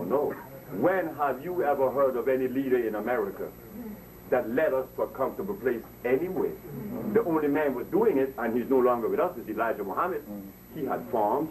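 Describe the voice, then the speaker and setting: A man's voice: medium pitch, darkish tone. A man giving a public lecture to an audience, talking in an emphatic, preachy storytelling way. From Honduras. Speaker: herbalist speaker. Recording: distant mic with faint noise.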